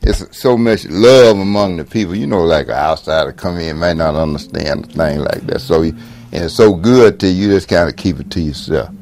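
Deep voiced guy, casual halting interview chat. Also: a little mellow. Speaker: regular at a juke joint.

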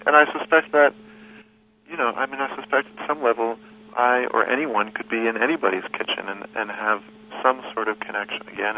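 Interview guest, male, low gravelly voice, unhurried storyteller, heard over a phone line with faint hiss. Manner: thoughtful, unhurried, with frequent restarts. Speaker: guest recounting a journey.

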